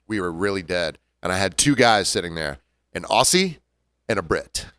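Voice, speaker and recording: A man's voice: sits low, expressive, moderate pace, fairly bright tone, smooth, no room sound. Man rambling through a story. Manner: rambling anecdotal storyteller with restarts. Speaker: podcast co-host, bartender. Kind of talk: casual banter.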